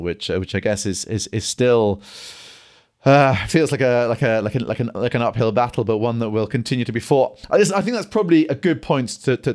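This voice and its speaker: A man hosting an energy podcast, talking casually with lots of restarts and fillers. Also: mid-range voice. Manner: hesitant, many restarts and fillers. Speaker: podcast host. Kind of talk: casual discussion and solo commentary.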